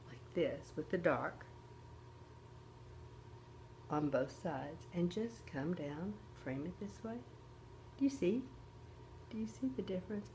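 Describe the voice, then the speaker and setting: A woman's voice: lowish voice, a little hiss or hum. An older woman hosting a casual makeup tutorial, chatty and often checking in with her viewers. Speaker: host.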